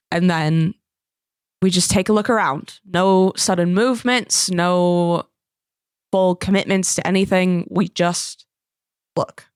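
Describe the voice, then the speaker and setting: A woman's voice: lowish voice, clean tone, no room sound, clean studio sound. A woman playing a tabletop game, chatty and laughing, who says "wee bit" and "me darling". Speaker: player.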